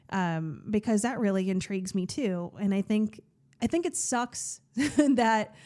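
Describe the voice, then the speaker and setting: Chatty woman with a mellow voice. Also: medium pitch. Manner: candid, chatty, many "like" fillers and restarts. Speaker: podcast host. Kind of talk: casual personal monologue.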